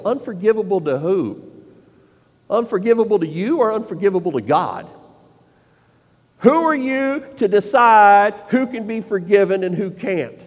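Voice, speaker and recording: A man preaching a sermon, emphatic and full of rhetorical questions, often dropping to a quiet, intense tone. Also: high-pitched, very animated, moderate pace, in a large hall, dull audio.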